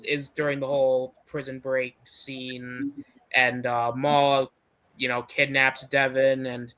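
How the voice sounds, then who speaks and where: A man's voice: medium pitch, level tone, takes it slowly, sharp tone. A man co-hosting a casual review chat, retelling scenes in a rambling way with some swearing. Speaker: co-host.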